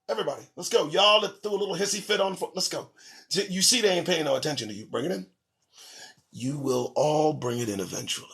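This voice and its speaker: A man's voice: a little high, animated, fast talker. A man hosting his own show, reading news headlines and ranting about them in a profane, sarcastic way. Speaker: show host. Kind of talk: solo commentary on news headlines.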